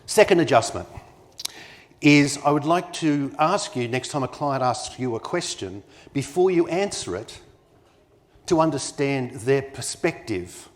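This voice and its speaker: A man speaks as keynote at a conference, his voice sitting at an ordinary middle pitch. He presses each point home with emphasis and keeps pulling the room in with quick questions like "yeah?" and "you with me?". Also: expressive. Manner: engages the audience with rhetorical questions; emphatic, persuasive delivery. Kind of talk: live conference talk. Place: conference venue.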